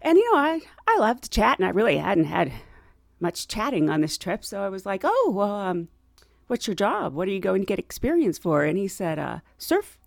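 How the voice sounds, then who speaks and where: A middle-aged American woman telling a travel story in a chatty, animated way, laughing often and acting out what she and others said. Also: medium pitch, fairly quick, creaky, dry recording, clean studio sound. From United States.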